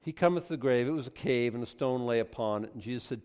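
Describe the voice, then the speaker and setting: Male pastor, mid-pitched, expository sermon, quiet readings then forceful peaks, long hall reverb. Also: quick pace, few pauses. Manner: swings from quiet scripture reading to loud, emphatic preaching.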